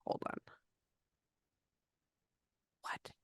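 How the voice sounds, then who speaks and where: A woman's voice: drawn-out words, fairly bright tone, dry recording, studio quality. A woman psychic medium giving a casual reading, thinking aloud and exclaiming often.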